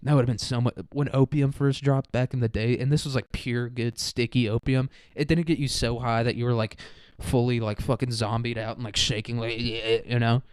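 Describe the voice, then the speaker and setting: A man's voice: medium pitch, fairly even intonation, a little fast, a little mellow, clear, resonant tone, no room sound. A man rambling through a crude, profane comedic monologue, full of "like" and "dude". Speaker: podcast host.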